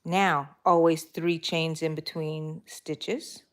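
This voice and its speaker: Brief: middle-aged woman, drawl, unhurried, low-pitched, chats with viewers as she crochets. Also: little pitch movement. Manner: chatty, laughing, talks to viewers. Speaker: crochet vlogger. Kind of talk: casual live-stream chat while crocheting.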